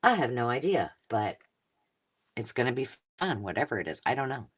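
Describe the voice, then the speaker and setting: Chatty crafter on a live stream, rambly, stops and restarts a lot, really bouncy pitch. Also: very animated, moderate pace, fairly bright tone, slightly rough. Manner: rambling, self-interrupting storyteller.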